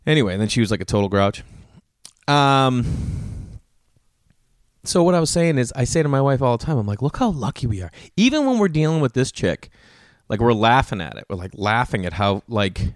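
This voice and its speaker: Alone on his podcast, a man chats informally, swearing easily and animatedly playing out family dialogue as he tells stories. He speaks fairly quickly at medium pitch, and the studio-quality recording has no echo.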